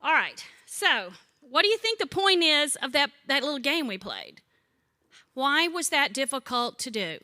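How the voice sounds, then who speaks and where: A woman's voice: high voice, sing-song, unhurried. A woman in her sixties leading a church Bible study, teaching in a chatty way with funny stories and questions to the group. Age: 60s. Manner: chatty, warm-humored storyteller who asks the group questions. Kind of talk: conversational teaching with humorous stories.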